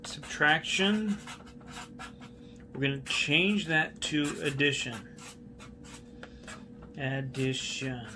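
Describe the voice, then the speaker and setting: A man's voice: on the high side, bright, forceful tone, slight background noise. A male math teacher giving a recorded classroom lesson, patiently repeating key steps and asking students questions while he writes on a board.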